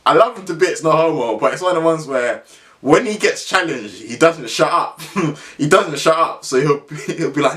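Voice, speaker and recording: A man's voice: a little high, expressive, normal speed, a bit bright. A young man, telling a funny story in a casual vlog, slangy and rambling, often laughing as he talks. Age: young adult. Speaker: vlogger.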